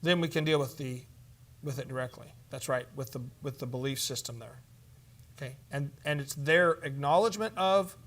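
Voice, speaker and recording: A man with a high voice leads a church conference session. He talks emphatically, pauses to quiz his listeners, and slips into short acted counseling dialogues as examples. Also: fairly bright tone. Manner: emphatic, asks the room questions, acts out sample counseling dialogues. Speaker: conference teacher on biblical counseling.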